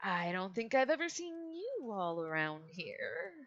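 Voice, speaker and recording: Woman voicing a genial old wizard shopkeeper, courtly, showy, bright voice, low-pitched. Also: sing-song, measured pace. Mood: gracious. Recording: dull lo-fi mic.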